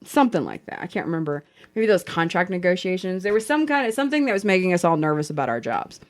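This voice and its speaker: Animated, swearing woman podcast host. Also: on the low side, fast. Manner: animated, profane storytelling. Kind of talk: casual chat.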